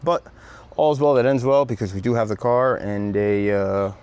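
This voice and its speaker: A man's voice: medium pitch, moderate pace, a little mellow, clean tone. A man hosting a vlog, working on a car in a garage and telling a story in a joking, casual way that includes some swearing. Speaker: vlog host doing car repairs. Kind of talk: casual hands-on narration and storytelling.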